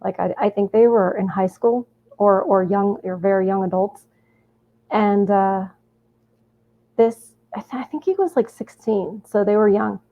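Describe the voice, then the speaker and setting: A woman's voice: mid-range voice, measured pace. A woman hosting a reaction show, rambling through casual commentary with many restarts and fillers. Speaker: host reacting to a video. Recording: tinny phone-like audio.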